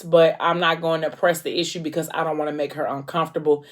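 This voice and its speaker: Low-pitched woman, chatty book-recap host who slips into the characters' lines. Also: fairly even intonation, fairly quick, hardly any pauses. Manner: chatty retelling with many fillers, briefly acting out characters' lines. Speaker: book vlogger recapping a novel.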